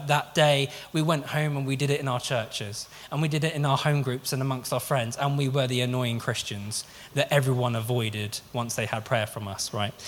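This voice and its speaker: A man preaching a sermon in an earnest, conversational way, often restarting his sentences. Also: a little high. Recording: long reverb of a large hall.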